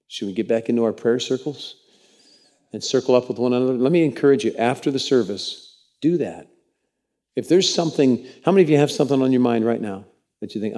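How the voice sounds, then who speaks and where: A man's voice: medium pitch, fast talker. A man preaching a sermon in church, telling stories in a folksy, conversational way with many restarts. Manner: animated storytelling with repeated restarts. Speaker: pastor.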